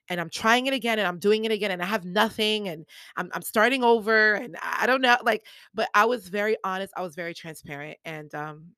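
A woman's voice: fairly low pitch, pushed and bright, no echo. A woman hosting her own podcast, telling a story casually and acting out the people she quotes with big jumps in her voice, recorded on a podcast mic. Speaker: podcast host.

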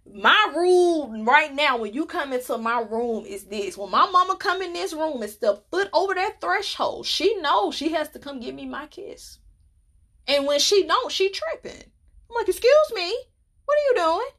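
A young adult woman hosting a podcast, telling personal stories in a casual, animated and playful way, often laughing. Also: sits high, normal speed. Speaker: podcast host. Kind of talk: casual storytelling monologue.

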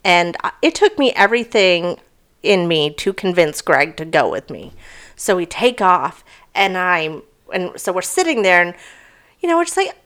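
Animated, swearing young woman co-host. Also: fairly low pitch, a little slow. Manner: animated storyteller, swears freely. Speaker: podcast co-host. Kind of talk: casual chat, reading odd news stories.

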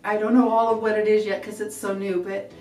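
A middle-aged woman giving an earnest, halting church testimony, often repeating herself. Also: medium pitch, little pitch movement, dark tone. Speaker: testifying believer. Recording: echoey room from a distance, faint music.

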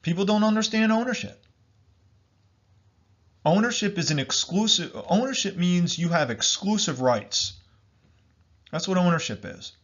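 A man's voice: high-pitched, lively intonation, measured pace, pauses often, fairly bright tone. A man delivering an emphatic political monologue, repeating himself and calling his listeners folks. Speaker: commentator. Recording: dull lo-fi recording.

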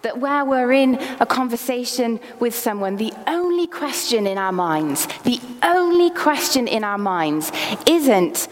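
A woman gives a sermon to her congregation, her voice sitting a little high and carrying a long, ringing reverb from the church hall. She reads passages aloud from a book and drops small laughs between lines. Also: sing-song, a little slow. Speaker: preacher.

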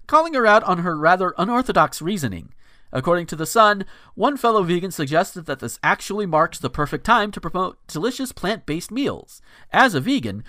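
A man's voice: on the high side, bright, forceful tone, no echo, studio quality. A man hosting a podcast, reading viral news with sarcastic asides and frequent stammered restarts. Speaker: podcast host. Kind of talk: casual news commentary.

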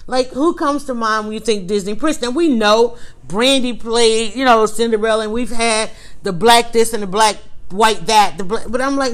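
A woman hosting a podcast, speaking straight to her listeners in an animated, rambling monologue full of restarts and side stories. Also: mid-range voice, normal speed. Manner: speaks directly to listeners, coaching them. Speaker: podcast host.

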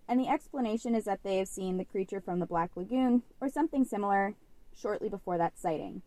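The young woman's mid-range voice is a little mellow, captured in a dry recording. As a podcast co-host, she tells a story casually and chattily, filling it with "like."

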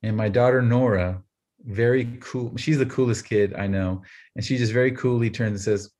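A man in his thirties, a podcast co-host, telling a family story in a casual, animated way and laughing often. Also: mid-range voice, normal speed. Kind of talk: casual chat.

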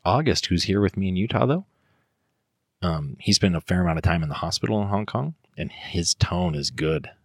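A middle-aged man chatting casually on a podcast, telling family stories in a relaxed way with fillers. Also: deep voice, a little fast, vocal fry, husky, no room sound, clean studio sound. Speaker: guest.

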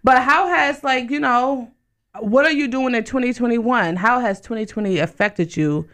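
Loud hyped woman hosting radio. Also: on the high side, moderate pace. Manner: loud, hyped, repeats greetings and shout-outs. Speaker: radio show host. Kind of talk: casual live radio chat. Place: radio studio. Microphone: studio mic with headphones.

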